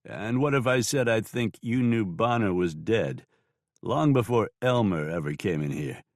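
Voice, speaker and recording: A man voicing a tough, blunt new sheriff in an audiobook, curt and flat in delivery. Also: fairly low pitch, measured pace, no room sound, clean studio sound. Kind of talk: audiobook character voice.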